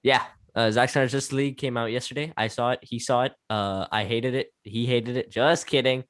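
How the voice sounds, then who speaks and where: A man co-hosting a casual movie review podcast, gushing and excitable, breaking into laughs. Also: medium pitch, fairly quick. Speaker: podcast co-host.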